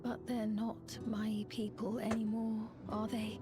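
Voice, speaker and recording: A woman's voice: fairly high pitch, monotone. A wistful, solemn young noblewoman. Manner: slow, measured and earnest. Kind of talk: video game cutscene voice acting. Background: game soundtrack music.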